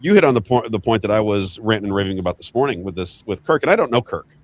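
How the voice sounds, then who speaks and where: Fast, emphatic male talk show host. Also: fairly low pitch, a little hiss or hum. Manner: emphatic, excitable, repeats himself. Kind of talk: political talk show chat.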